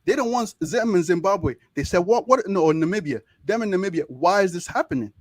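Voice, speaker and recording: In a casual interview, a young Nigerian-accented man who is studying medicine talks passionately and emphatically, repeating words to drive his points home. His high voice is expressive and fairly quick, recorded in a clean studio with no echo.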